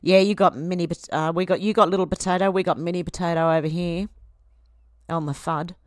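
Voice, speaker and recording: A woman's voice: lowish voice, fairly even intonation, brisk, dry recording, clean studio sound. An Australian woman in her fifties hosting a casual livestream, reading viewer comments aloud and chatting back to them. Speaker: livestream host.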